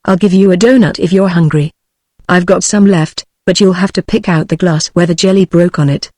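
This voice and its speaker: A woman's voice: fairly low pitch, steady tone, fairly quick, darkish tone, dry recording, studio quality. Synthetic woman reading as a bragging cowboy kid. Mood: boastful. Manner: swaggering backcountry drawl. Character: boastful six-year-old cowboy boy. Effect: text-to-speech voice.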